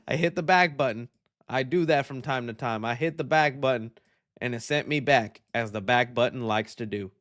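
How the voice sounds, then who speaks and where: A young man hosting a live stream, reading viewer questions out loud and answering them in a chatty, upbeat way. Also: mid-range voice, vocal fry. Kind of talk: casual live-stream chat.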